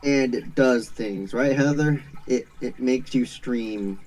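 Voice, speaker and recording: Mellow-voiced chatty man. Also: medium pitch, takes it slowly, poor audio. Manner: chatty, rambling, laughs often. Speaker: stream co-host. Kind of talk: casual chat.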